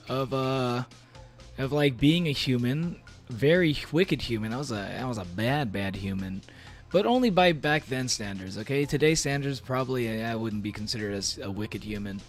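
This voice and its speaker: A man with a mid-range voice speaks at a moderate pace with lively intonation, streaming casually as he reads aloud and reacts. In character as a demon, he cracks playful, rambling jokes full of fillers and restarts. Faint music plays in the background.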